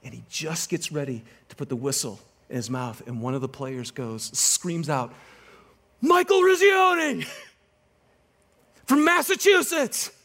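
A man's voice: medium pitch, normal speed, hardly any pauses. A man preaching a sermon, telling a story with humor and teasing the congregation. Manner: animated storytelling, joking with the congregation. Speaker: pastor.

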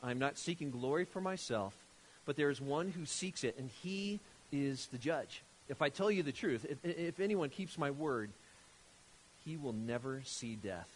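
A man voicing a calm, solemn speaker with authority, reading slow and measured quotes during a sermon. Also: fairly high pitch, a little hiss or hum, close to an everyday voice, poor audio. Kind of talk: reading scripture aloud in a sermon.

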